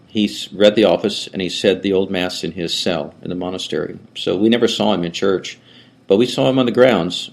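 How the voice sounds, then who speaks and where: An older male priest gives a relaxed class lecture in a fairly low voice. He wanders through asides and often restarts his sentences. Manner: rambling, with frequent restarts and asides. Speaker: Orthodox priest teaching a class. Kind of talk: conversational lecture.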